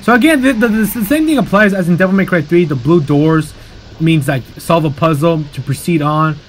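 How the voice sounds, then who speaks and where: A man's voice: on the high side, moderate pace, a little hiss or hum. A young man casually commentating his gameplay, swearing freely and flaring into angry outbursts at the game, then settling back into chatty explaining. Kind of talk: casual let's-play commentary. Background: game music.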